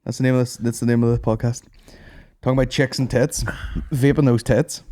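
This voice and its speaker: A young hungover man with a Northern Irish accent, hosting a crude, animated podcast chat full of swearing and mimicked voices. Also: mid-range voice, a little fast. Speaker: podcast host. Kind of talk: crude casual banter.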